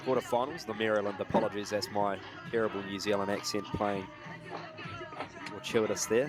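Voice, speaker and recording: A man calling live rugby play-by-play, building to shouts on big plays. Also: mid-range voice. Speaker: play-by-play commentator.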